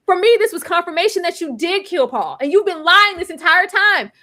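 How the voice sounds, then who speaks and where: A woman hosting a TV recap chat, talking in an animated, emphatic way with bursts of exasperated exclamation. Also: extremely high pitch, normal speed, hardly any pauses. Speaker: TV recap podcast host. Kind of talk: casual chat.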